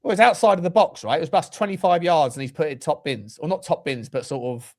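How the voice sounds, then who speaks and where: High-voiced, animated swearing football host. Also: male voice, fast talker. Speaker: host of a football fan show. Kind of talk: casual chat.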